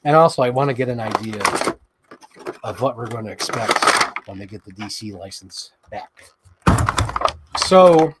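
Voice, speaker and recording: A man hosting a toy unboxing show in casual chat, rambling excitedly and swearing freely. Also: a little high, noisy background.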